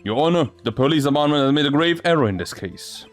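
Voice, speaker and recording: A man's voice: a little high, lively intonation, quick pace, natural voice. A man reading a courtroom game aloud and doing every character's voice himself, sometimes stumbling over words. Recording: faint music behind.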